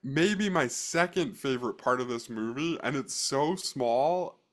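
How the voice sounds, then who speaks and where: A man's voice: medium pitch, animated, unhurried, fairly bright tone. A young man co-hosting a movie podcast, chatting casually, acting out quoted lines and trailing off with hedges. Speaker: podcast co-host. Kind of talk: casual movie review chat.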